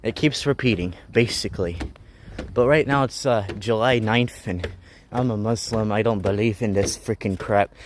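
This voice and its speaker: A man's voice: on the low side, moderate pace, slight background noise. A young man rambling, joking and griping as he walks a rural mountain road, live-streaming from a handheld phone. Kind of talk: casual live-stream vlog.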